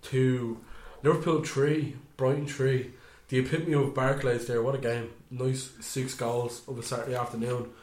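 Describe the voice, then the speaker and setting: Man, animated football chat, echoey room. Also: normal speed, few pauses, slight background noise. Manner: animated, mimics players with sudden high voices. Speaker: podcast co-host.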